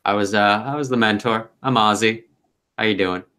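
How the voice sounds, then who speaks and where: A man's voice: lowish voice, normal speed, bright, forceful tone. A man voicing the easygoing ghost of a tiefling mentor, casual and unbothered. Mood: relaxed.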